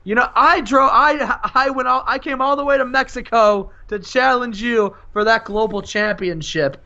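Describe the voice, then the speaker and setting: A man putting on a brash, goofy male wrestler issuing a challenge in a raised, excited voice, on a lo-fi mic. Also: moderate pace, exaggerated voice. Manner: high, excited, stammering.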